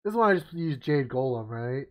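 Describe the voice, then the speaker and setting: A man's voice: medium pitch, expressive, brisk, a little hiss or hum, low-quality recording. A man streaming a game and commentating live, swearing and venting at the game. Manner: swears a lot, yells in frustration. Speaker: gaming streamer.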